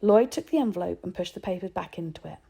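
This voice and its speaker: Gravelly woman reading a children's book. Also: lowish voice, quick pace. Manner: clear, expressive storytelling. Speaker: narrator. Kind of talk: reading a children's novel aloud.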